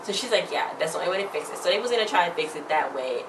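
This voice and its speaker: A woman's voice: fairly low pitch, expressive, racing, distant mic. Chatty young woman recapping, roomy echo. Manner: rambling retelling with acted-out quotes. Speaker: TV episode recap vlogger. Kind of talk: casual chat. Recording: roomy echo, faint background noise.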